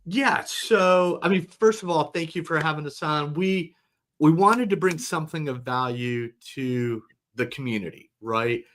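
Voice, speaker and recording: A middle-aged company founder joins a webinar as a guest and talks casually, relaxed and rambling, often restarting his sentences. His voice sits a little high and he takes his time. There's slight background noise.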